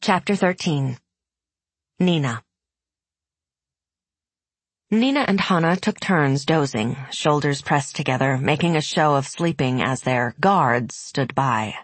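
Husky low-voiced woman narrator. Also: takes it slowly, pauses often, no echo. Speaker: audiobook narrator. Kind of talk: scripted narration.

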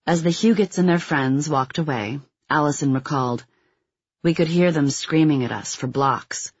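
A man reads nonfiction narration in a steady, measured way, his voice a little husky. The recording is dry and close, with a slightly dull, muffled tone. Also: a little high, dry recording. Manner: even, measured reading; quotes read with little acting. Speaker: audiobook narrator.

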